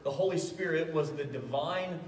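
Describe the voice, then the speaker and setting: A man's voice: a little high, normal speed. A man preaching a sermon, telling stories with self-deprecating humor and often stumbling over his words. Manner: frequent stammered restarts. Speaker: pastor. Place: church hall. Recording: echoey hall, voice from far off.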